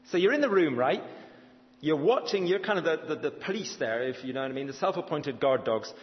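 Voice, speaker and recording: A man preaching a sermon, telling the story with animation and acting out the voices he quotes. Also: medium pitch. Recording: dull lo-fi sound in a reverberant hall.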